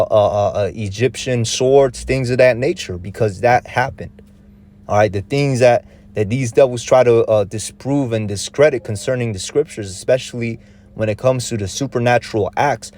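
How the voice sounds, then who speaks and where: A man's voice: medium pitch, darkish tone. A man teaching scripture in an informal street-preacher way, full of slang and profanity, with frequent restarts and rhetorical questions. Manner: rhetorical questions, checks in with "all right?" and "man".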